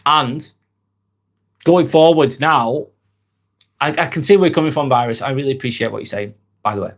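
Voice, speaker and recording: His voice is mid-range and his speed normal as this Lancashire-accented man in his forties, from Northwest England near Manchester, chats on a live stream. Friendly and thoughtful, he reads out viewer comments and replies to each by name.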